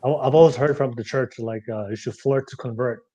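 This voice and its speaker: A man hosting a podcast, asking questions in a halting, casual way with many fillers and easy laughs. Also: medium pitch, warm tone, rough recording. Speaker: host.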